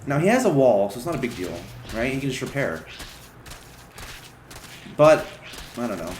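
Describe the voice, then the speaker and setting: A man doing casual esports commentary on a strategy game match, chatty and excitable. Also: mid-range voice, normal speed, roomy sound, slight background noise.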